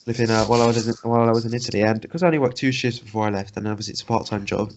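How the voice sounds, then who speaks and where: A man's voice: on the low side, steady tone, very fast, a little hiss or hum. A young man co-hosting a podcast, rambling and swearing as he retells an annoying story in casual chat. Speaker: podcast co-host. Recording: dull lo-fi sound.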